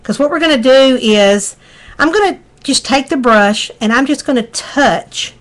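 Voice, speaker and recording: A high-pitched, somewhat slow middle-aged woman with a Southern US accent chats folksily while working through a live craft tutorial. There's slight background noise.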